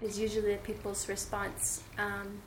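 A woman's voice: medium pitch, moderate pace, background noise. Chatty woman in an echoey room. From United States. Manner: animated, chatty, many fillers. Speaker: guest. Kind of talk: conversational storytelling.

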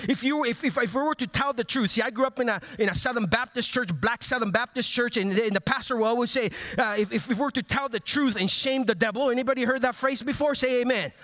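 A man preaching a sermon as pastor, animated, with many repeated phrases and call-and-response to the congregation. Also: extremely high pitch, quick pace, few pauses. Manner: animated, playful asides to the congregation.

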